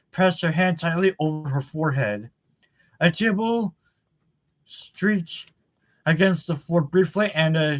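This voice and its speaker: A man reading a novel chapter aloud in a plain voice, with occasional fillers and self-corrections. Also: on the high side. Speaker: audiobook reader.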